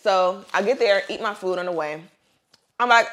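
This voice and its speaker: A woman's voice: mid-range voice, moderate pace. A young woman, co-hosting a podcast, tells a long story in casual chat, swearing freely and acting out what people said. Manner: animated storyteller, profane, acts out quotes. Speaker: podcast co-host.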